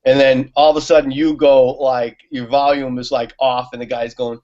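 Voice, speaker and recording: A man's voice: medium pitch, little pitch movement, moderate pace, a little mellow. A man guest telling stories in casual conversation, laughing often and using many fillers. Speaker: guest on a talk show. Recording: muffled lo-fi audio.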